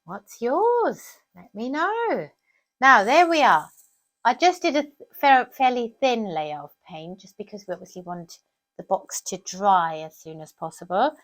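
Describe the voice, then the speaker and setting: A woman leads a children's craft session in a high, bouncy voice that rises and falls a lot. She chats along as she works, asking the kids questions at every step. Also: big pitch swings, measured pace. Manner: warm sing-song teacher talk with lots of questions to the kids.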